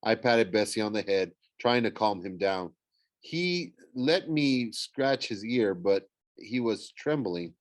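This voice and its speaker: A man's voice: on the low side, lively intonation, slow, no room sound. A man narrating a novel in the first person, stumbling and correcting himself now and then. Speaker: audiobook reader.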